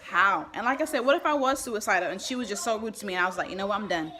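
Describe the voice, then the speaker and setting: A woman's voice: mid-range voice, expressive, racing, heavy background noise. A woman venting on a live stream at home, rambling and upset, with children's voices around her. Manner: rambling, irritated and emotional, with restarts. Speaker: vlogger. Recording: kids chattering in the background.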